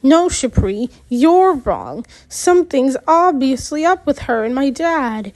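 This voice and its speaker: A woman's voice: high voice, very animated, slow, a little mellow, heavily acted. A woman voicing an angry accusing teen boy. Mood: insistent. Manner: raised voice, accusing.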